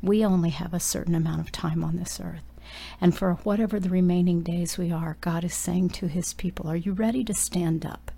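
A woman's voice: lowish voice, little pitch movement, brisk, creaky, mellow, husky. A woman preaching a sermon and leading a prayer, exhorting her listeners and dropping at times into urgent whispers.

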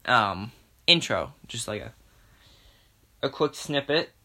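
A man's voice: mid-range voice, big pitch swings, slow, sharp tone. A young man hosting a podcast alone, rambling casually, swearing and poking fun at himself. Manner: rambling, self-mocking, profane. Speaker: podcast host. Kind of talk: casual solo monologue.

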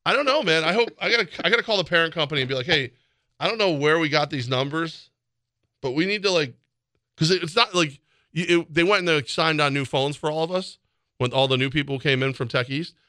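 A man co-hosting sports talk radio, his voice slightly high and very bright. He tells stories with lots of energy and leaps up in pitch when he quotes people. The sound is close and dry, as if he is right on the studio mic. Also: fast, dry recording. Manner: animated storyteller, jumps into high voices when quoting people. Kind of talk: casual radio banter.

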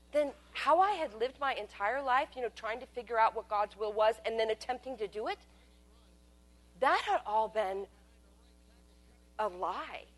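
Animated wry woman telling her story. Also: fairly high pitch. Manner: wry and candid, swinging between loud bursts and hushed asides. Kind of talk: personal storytelling monologue.

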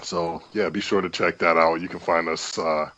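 Deep-voiced laid-back podcast co-host. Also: male voice, fairly even intonation, normal speed, pushed and bright. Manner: laid-back, filler-heavy, repeats himself. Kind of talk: casual podcast chat. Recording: dry, dull lo-fi mic.

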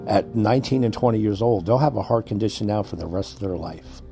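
A man's voice: fairly low pitch, quick pace, gravelly, warm tone, faint music behind. A man hosting a podcast, delivering an angry, swear-filled rant that lectures his listeners. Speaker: podcast host.

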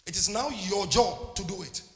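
High-voiced pastor preaching in an echoing hall. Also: male voice, moderate pace. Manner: impassioned, calls out to the congregation. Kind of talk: sermon.

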